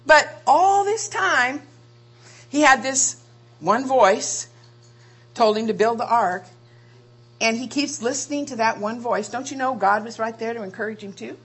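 A woman delivers a sermon in a slightly high, husky voice. She stretches out key phrases for weight. She keeps pressing her listeners with questions. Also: a bit bright. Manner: rhetorical questions, drawn-out emphatic phrases. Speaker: preacher.

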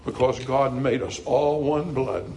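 A middle-aged man preaching a sermon earnestly, climbing to emphatic highs and dropping to soft, quiet passages. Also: a little slow, slight background noise, poor audio.

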